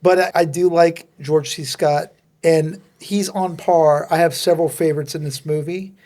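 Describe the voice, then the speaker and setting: New orleans guy on a film podcast, kinda higher voice, thinking out loud. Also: fairly even intonation, moderate pace. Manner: musing, reflective. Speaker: podcast co-host. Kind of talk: casual film discussion.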